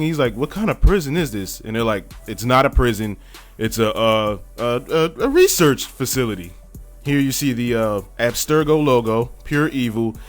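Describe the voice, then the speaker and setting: A man's voice: medium pitch, fairly bright tone. Joking man doing chatty commentary. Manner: joking, chatty, laughs often. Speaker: video host. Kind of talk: casual trailer commentary.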